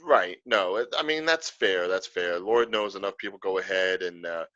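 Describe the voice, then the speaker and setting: Bright, lively podcast co-host, man. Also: deep voice, moderate pace, no echo, lo-fi sound. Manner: animated storyteller, slips into put-on accents. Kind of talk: casual chat.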